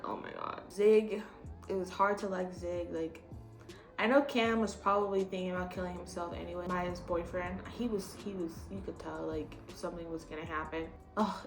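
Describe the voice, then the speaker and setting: Blunt young woman ranting in an echoey room. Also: fairly low pitch. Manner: blunt, swears freely, animated ranting. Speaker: vlogger. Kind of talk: casual chat. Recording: echoey room with faint noise.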